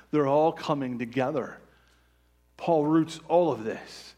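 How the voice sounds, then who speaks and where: A male pastor delivers a sermon in a church with earnest, emphatic conviction. His voice sits at an ordinary middle pitch, and his preaching builds and swells with intensity. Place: church sanctuary.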